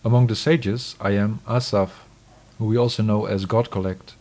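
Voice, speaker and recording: A man giving a scripted scripture reading in a measured, solemn, declamatory way. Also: on the low side, steady tone, darkish tone.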